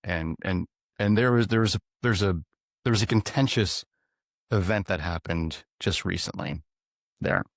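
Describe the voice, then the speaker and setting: Low-voiced man telling animated stories. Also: moderate pace, gravelly, no room sound, clean studio sound. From US East Coast. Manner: animated, chuckling storyteller. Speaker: guest, animal communicator. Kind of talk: casual interview storytelling.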